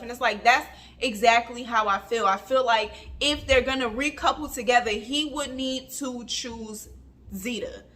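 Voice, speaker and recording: Woman vlogger recapping reality tv, chatty n emphatic, high bright voice. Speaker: reality TV reviewer. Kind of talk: casual vlog review.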